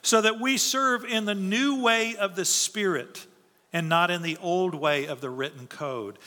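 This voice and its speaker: A man's voice: high-pitched, measured pace, bright, forceful tone, long reverb tail. A man preaching a sermon as pastor, earnest and emphatic, often asking rhetorical questions and answering them.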